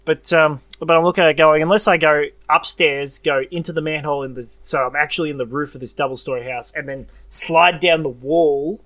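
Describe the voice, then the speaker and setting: A young man, co-hosting a casual podcast and telling a story with lively acted-out voices. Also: a little high, a little fast, few pauses, no echo. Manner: animated storyteller, acts out voices and meows. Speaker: podcast co-host. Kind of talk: casual chat.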